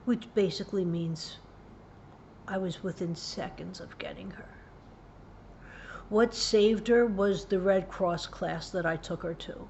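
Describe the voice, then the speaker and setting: A woman hosting a parenting tips show, earnestly retelling a personal story, dropping to a hushed voice at grave moments. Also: unhurried, creaky, pauses often, slight background noise. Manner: earnest, vivid retelling with hushed low passages. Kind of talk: personal story told to camera.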